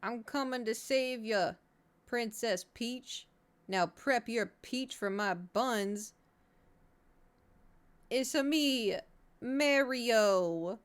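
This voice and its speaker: Goofy cartoon plumber hero put on by a woman, high, slow, bouncy and jolly. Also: clean tone. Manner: drawn-out, bouncy put-on accent. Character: cheery male plumber hero, jolly, flirty.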